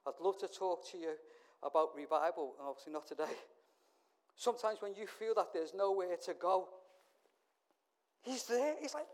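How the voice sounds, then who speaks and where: A middle-aged man from England preaching a sermon, telling stories and swinging from hushed asides to loud, emphatic calls. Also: high-pitched, lively intonation, normal speed, long pauses.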